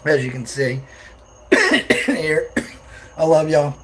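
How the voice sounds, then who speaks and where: A young man, telling stories on a live stream in an animated, profane way with loud outbursts. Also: fairly high pitch, takes it slowly. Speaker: channel host on a live stream. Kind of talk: casual storytelling on a live stream. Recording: faint insect and cricket noise behind.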